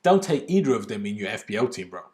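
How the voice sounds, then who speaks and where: A young man hosts a casual livestream, reading viewer comments out loud and answering them in a chatty, informal way, swearing now and then. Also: fairly low pitch, big pitch swings, quick pace. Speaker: livestream host.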